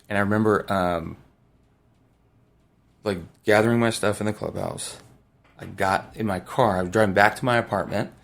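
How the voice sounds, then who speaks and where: A man's voice: fairly low pitch, fairly even intonation, moderate pace, gravelly, long pauses. A man in his thirties, a former ballplayer, telling stories in a casual interview, rambling and laid-back with lots of fillers. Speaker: former pro baseball player, podcast guest.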